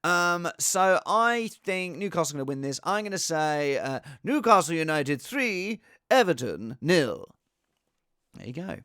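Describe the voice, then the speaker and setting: An Englishman talks through fantasy football on his own in a casual, rambling way, often restarting and going off on asides. His voice is fairly high and gravelly, and it swings up and down a lot. The sound is close and dry. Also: big pitch swings, normal speed, fairly bright tone, no echo. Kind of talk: casual solo chat.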